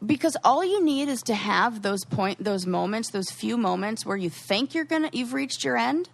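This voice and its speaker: A young woman co-hosting a podcast, telling animated stories in casual chat with quoted asides. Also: a little high, normal speed, vocal fry. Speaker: podcast co-host.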